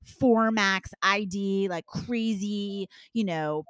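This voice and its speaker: A middle-aged woman talks candidly in a podcast interview, her voice sitting in an ordinary middle register. She tells stories with lively, animated swings between hushed asides and loud bursts. The recording is dry and close, with no room sound. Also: medium pitch, slow pace, no echo. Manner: frank, animated storyteller with big swings. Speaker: guest, intimacy business owner.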